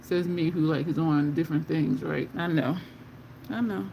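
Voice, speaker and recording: A woman's voice: sits low, steady tone, normal speed, vocal fry, warm tone, a little hiss or hum. A woman chatting casually as she does her makeup on a livestream, rambling through stories and talking to viewers. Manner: chatty, rambling storyteller, Southern-style "y'all" slang. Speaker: makeup vlogger.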